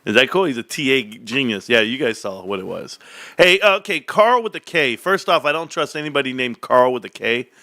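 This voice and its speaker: A man's voice: mid-range voice, sing-song, normal speed, pushed and bright, no room sound, clean studio sound. A man in his forties rambling and joking to his viewers in a casual rant. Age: 40s. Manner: rambling, joking, tangent-prone. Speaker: stock market vlogger.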